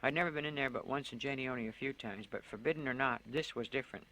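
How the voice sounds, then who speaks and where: A man's voice: mid-range voice, fast talker, bright, forceful tone, low-quality recording. A man reading his own fiction aloud in plain storytelling, through a tough teenage narrator's voice.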